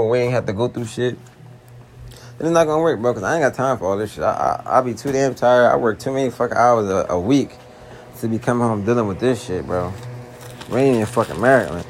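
Talking fast at a medium pitch, a young Philadelphia man vlogs a profane, slang-heavy vent directed at his girlfriend. He pleads at first, then grows exasperated. A little hiss or hum can be heard.

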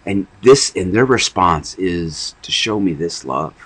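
A low-voiced man with a husky edge preaches in a loose, conversational way, his pitch swinging widely as he talks. He rambles and restarts, like someone thinking aloud in a casual sermon. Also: expressive, measured pace, fairly bright tone, poor audio. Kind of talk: informal sermon podcast.

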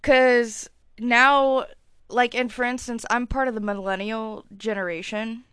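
A young woman in her twenties hosting a casual solo podcast, chatty and swearing freely, with her loudness swinging up and down as she talks. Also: on the high side, steady tone, measured pace, smooth, no echo, studio quality. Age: 20s. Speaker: podcast host.

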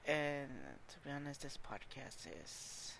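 A man's voice: fairly high pitch, completely flat delivery, slow pace, noisy background. A man talking alone as a podcast host, informal and candid, hesitant with many fillers and restarts. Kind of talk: unedited solo podcast talk.

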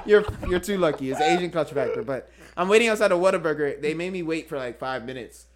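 A male podcast host chatting casually with friends, his voice riding up and down in a lively way. He tells stories with energy and laughs often, sitting a bit above the usual male pitch. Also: fast. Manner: animated storyteller, laughs often. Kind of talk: casual chat.

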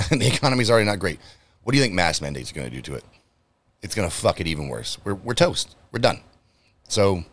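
A man with a slightly low voice hosts a solo podcast rant. He talks in a heated, emphatic way, full of swearing, and speaks straight to his listeners as if rallying them. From United States. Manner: direct address to listeners. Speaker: podcast host.

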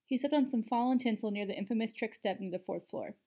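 A woman narrating a story aloud in a steady, even reading voice. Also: fairly high pitch, quick pace.

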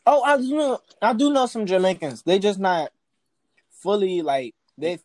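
A man's voice: high-pitched, moderate pace, a little mellow, no room sound, clean studio sound. A man co-hosting a casual podcast chat, laid-back and teasing. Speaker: podcast co-host.

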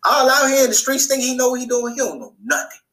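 A man's voice: fast, rough recording. A man hosting a podcast, recapping a TV episode in a casual, colloquial monologue and repeating phrases for emphasis. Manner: animated, acts out characters' lines in a higher voice. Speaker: podcast host.

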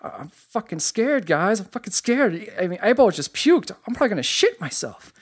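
A man's voice: sits high, big pitch swings, brisk, pitched above the performer's own voice. A man playing a jittery scared boy. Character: scared young boy on a dare.

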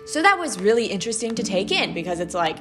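Young woman, valley girl accent, animated chatty podcast host, faint music underneath. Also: mid-range voice, fast talker. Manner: animated, chatty, heavy use of "like" and "okay". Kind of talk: casual solo podcast monologue.

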